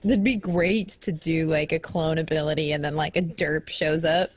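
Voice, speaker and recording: A woman's voice: low voice, steady tone, moderate pace. A woman co-hosting a casual gaming podcast, playful and giggly. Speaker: podcast co-host. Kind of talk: casual chat.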